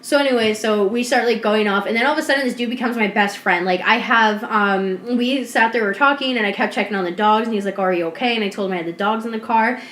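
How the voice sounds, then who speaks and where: A woman co-hosting a podcast, telling a story in casual chat, animated and swearing, acting out what people said. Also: a little high, quick pace, hardly any pauses. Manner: animated, swearing, acts out quotes. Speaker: podcast co-host. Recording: roomy echo.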